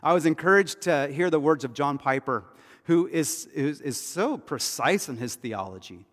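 A man preaching a sermon as pastor, talking in a conversational way and often dropping to a hushed, intense tone. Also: on the high side, animated, normal speed. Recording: church hall reverb.

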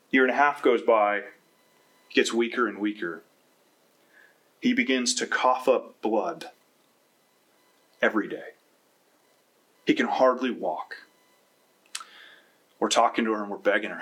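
A man preaching a sermon as pastor, telling stories and acting out voices with lively energy. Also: mid-range voice, measured pace, pauses often, breathy edge. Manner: storytelling with animated acted-out voices.

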